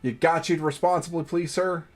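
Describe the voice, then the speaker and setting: A man's voice: fairly high pitch, steady tone, normal speed, soft background music. A man streaming a game, narrating it with jokes, frequent swearing and theatrical outbursts. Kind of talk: casual live-stream chat and game narration.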